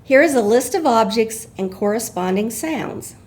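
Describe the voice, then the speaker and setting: Woman, instructor, measured scripted narration, explanatory tone. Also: on the high side, expressive, darkish tone.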